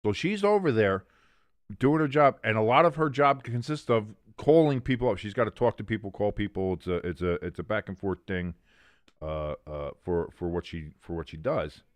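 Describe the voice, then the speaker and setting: A man's voice: on the low side, lively intonation, normal speed, dry recording. Chatty man streaming a game. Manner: rambling, chatty, many restarts. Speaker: watch-along streamer host. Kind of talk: casual live-stream chat and play-by-play.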